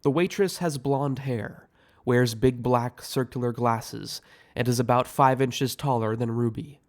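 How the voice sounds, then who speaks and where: A man reading aloud the scene directions of his own audio screenplay in a measured way. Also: medium pitch, fairly even intonation. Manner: slow, measured. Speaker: writer and director narrating.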